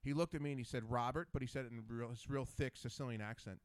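A man hosting a podcast, telling stories in casual chat with an animated manner. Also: mid-range voice, very fast, no room sound. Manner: animated storyteller. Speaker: podcast host.

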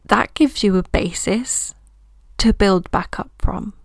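A woman coach speaks slowly and gently on her solo podcast, reassuring the listener as she thinks aloud. Her voice has a low gravelly fry at the edges. The sound is close and dry, with no room echo. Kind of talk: reflective solo podcast talk.

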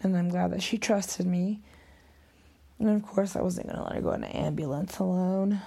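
A woman's voice: fairly low pitch, normal speed, vocal fry, mellow, husky. A middle-aged woman talking in an emotional, rambling vlog monologue, sometimes dropping to a whisper.

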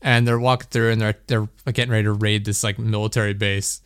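A man's voice: fairly low pitch, flat delivery, fast talker, clean tone, no room sound, clean studio sound. A young man hosting a podcast, telling a story in a rambling, laughing way, full of "like". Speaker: podcast host. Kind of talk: casual chat.

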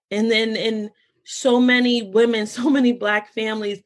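A young adult American woman hosting a podcast, talking casually and telling stories in an animated way. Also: a little high, normal speed. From United States. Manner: animated storytelling, quotes relatives in lively voices. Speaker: podcast host. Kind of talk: casual conversation.

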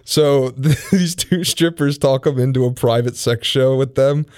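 A young man co-hosts a casual podcast and tells a rowdy story with lively energy, breaking into laughter along the way. His voice sits in a middle range. The sound is dry and close to the mic. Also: mid-range voice, measured pace, no room sound. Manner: animated storytelling, laughs often. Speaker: podcast co-host.

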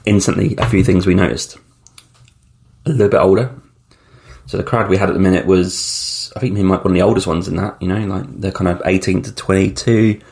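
Guy in his 30s, deep gravelly voice, rambly casual travel chat, lots of ums. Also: fairly even intonation, brisk, a little mellow. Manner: rambling, chatty, frequent ums, blunt slang. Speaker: podcast host. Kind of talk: casual solo travel storytelling.

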